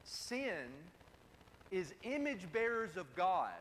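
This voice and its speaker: A man's voice: high-pitched, very animated, takes it slowly, a bit bright, a little hiss or hum. A man preaching a sermon in an emphatic way, repeating key phrases, recorded in a church sanctuary. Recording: distant, reverberant hall with faint ambience.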